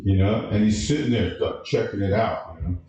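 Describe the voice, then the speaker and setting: A man doing an open-mic stand-up set, halting with lots of uh and restarts. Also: lowish voice, mellow, far from the mic. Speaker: stand-up comedian. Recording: echoey room from a live mic.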